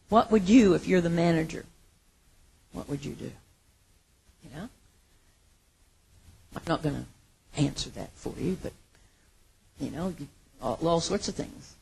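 Gravelly, husky woman telling a Bible story. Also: sits low, a little slow, pauses often. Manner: animated retelling with acted quotes and laughs. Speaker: Bible teacher. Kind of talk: casual sermon storytelling.

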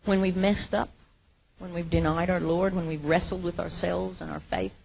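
A woman preaching a sermon, earnest, moving from hushed, quiet lines to emphatic ones. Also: fairly low pitch, fairly even intonation, normal speed, creaky, slight background noise.

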